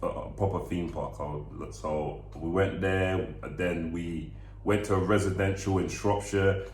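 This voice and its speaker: A young man with a very low voice tells a personal story on a vlog. He talks earnestly and haltingly, restarting his words. The room echoes around him. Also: a little mellow, a little hiss or hum. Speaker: vlog co-host.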